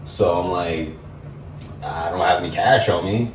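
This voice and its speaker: A young man, an interview guest telling a personal story in a relaxed, reflective way, full of "like" fillers. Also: deep voice, a little slow, distant mic. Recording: echoey room, mic set back, faint hiss.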